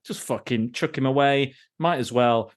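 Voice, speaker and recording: A man's voice: mid-range voice, normal speed. A man hosting a podcast, ranting casually about a film with lots of swearing and restarts. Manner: ranting, profane, with frequent restarts. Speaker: podcast host.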